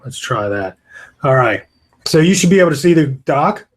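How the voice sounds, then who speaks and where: A man's voice: fairly high pitch, sing-song, moderate pace. Man, casual live webinar host, rambling, tired, yawning, webcam audio. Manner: chatty, rambling, greets viewers by name. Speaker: online course host. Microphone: webcam with screen beside it.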